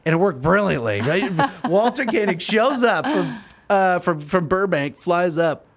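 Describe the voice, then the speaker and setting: A middle-aged man telling stories as a podcast guest. He is excitable, laughs often, swears freely and acts out dialogue. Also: high-pitched, a little slow. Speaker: podcast guest, filmmaker and lawyer. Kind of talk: animated storytelling in casual chat.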